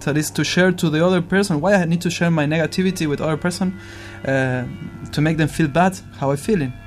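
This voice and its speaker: A man with a slightly high voice talking reflectively in a casual chat. He searches for his words and keeps asking rhetorical questions. Soft music is faintly audible behind him. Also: quick pace. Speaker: musician in conversation.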